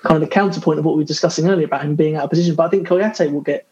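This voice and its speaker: A man on a podcast panel, giving measured, thoughtful answers full of small hesitations. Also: fairly high pitch, steady tone, a little mellow, muffled recording. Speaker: podcast co-host. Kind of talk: casual chat.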